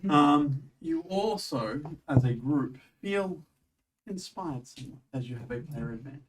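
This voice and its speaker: Give me a man running a tabletop game, halting and restarting, recorded a bit off-mic. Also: mid-range voice, expressive, recorded from a distance, background noise. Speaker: game master.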